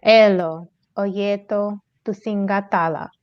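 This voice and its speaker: A woman reading practice sentences aloud in an online language class, slow and careful. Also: medium pitch, fairly even intonation, a little mellow, smooth, no echo, highs cut off. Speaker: student.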